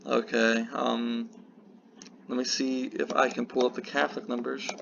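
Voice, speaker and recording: A man from the United States with a medium-pitched, level voice speaks at a moderate pace, creaky and a bit bright. In a casual political vlog he rambles and breaks off with apologetic asides, recorded slightly muffled with faint hiss.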